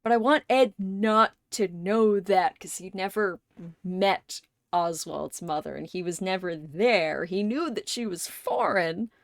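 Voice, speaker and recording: A woman's voice: mid-range voice, animated, a little slow, creaky, dry recording, clean studio sound. A woman live streamer in casual chat, thinking aloud at length and swearing offhandedly.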